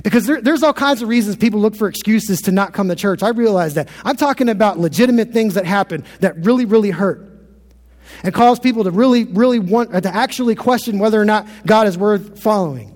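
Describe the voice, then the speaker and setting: A man's voice: high voice, brisk, a little mellow, big-room sound. A man in his thirties preaching a sermon as pastor, earnest and often repeating words as he builds a point.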